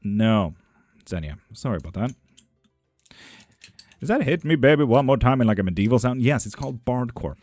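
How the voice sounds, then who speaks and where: A man's voice: mid-range voice, animated, normal speed, pauses often, darkish tone, no room sound. A man reading tarot and bones on a live stream. He reads viewer questions aloud in a lifted voice, then answers them in a dry, teasing way in casual chat.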